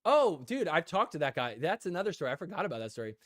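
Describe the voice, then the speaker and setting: A young man hosting a casual live stream, telling animated stories and reading chat comments aloud, full of "like" and "dude". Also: on the high side, quick pace, no echo, clean studio sound. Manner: filler-heavy, says "like" and "dude" a lot. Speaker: podcast host.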